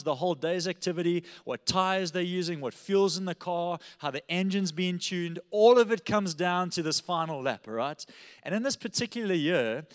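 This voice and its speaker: A male pastor preaching a sermon, telling a story with animated energy and often checking in with "all right?". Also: sits high, in a large hall.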